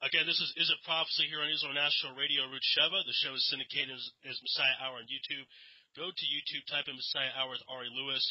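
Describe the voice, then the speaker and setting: A man hosting a radio interview, asking relaxed, conversational questions. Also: on the high side, no room sound, highs cut off. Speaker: radio show host.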